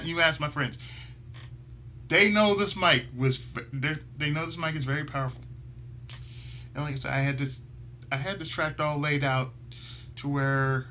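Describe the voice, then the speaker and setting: A man's voice: medium pitch, bright, forceful tone, slight background noise. A man hosting a gaming channel, chatting casually and rambling, laughing a lot as he goes. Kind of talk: casual chat.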